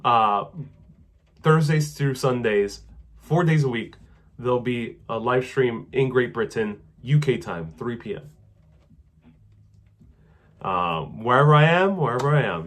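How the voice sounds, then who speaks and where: Guy chatting on a live stream, answering viewer questions, loose and rambly with lots of ums, clip-on mic. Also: mid-range voice. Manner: relaxed, rambling, many fillers, reads viewer comments aloud. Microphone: wireless clip-on mic.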